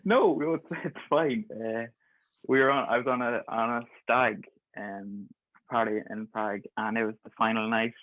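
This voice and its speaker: An Irish pharmacist in his twenties, appearing as a guest, tells stories in a chatty, casual way and laughs through them. His medium-pitched voice has fairly even intonation and a moderate pace, with no room sound, over thin, phone-like call audio.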